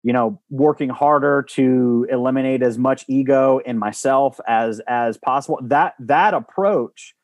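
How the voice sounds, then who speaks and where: A man's voice: medium pitch, measured pace, hardly any pauses, dry recording. A man talking about coaching in a podcast conversation, earnest and rambling, with many restarts and fillers. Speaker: guest, former baseball coach.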